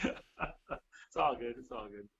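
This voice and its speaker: A man co-hosting a casual talk segment, easygoing and quick to laugh. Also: mid-range voice, vocal fry, fairly bright tone. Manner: easygoing, laughs often, loose and conversational. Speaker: co-host of studio segment. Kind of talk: casual chat. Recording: dull lo-fi line with faint noise.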